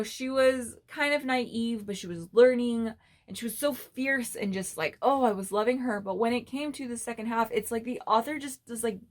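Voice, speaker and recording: A young woman reviewing a book in a casual vlog, blunt and exasperated, swearing freely as she rants. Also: a little high. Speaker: book vlogger.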